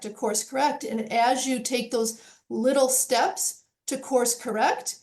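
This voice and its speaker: A woman's voice: a little high, darkish tone. A woman speaking as a panel guest, earnest and reflective, repeating phrases for emphasis.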